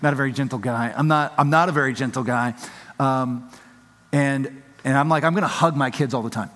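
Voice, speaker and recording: A pastor preaches a sermon in a conversational, emphatic style, acting out quotes and frequently restarting his sentences. His voice sits at a medium pitch with a fairly bright tone, and he keeps a moderate pace. The long reverb of a large hall surrounds the recording.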